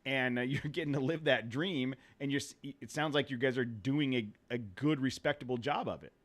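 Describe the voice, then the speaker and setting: A man hosting a podcast, asking questions in an easygoing, halting way. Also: medium pitch. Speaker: podcast host. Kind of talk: casual podcast conversation.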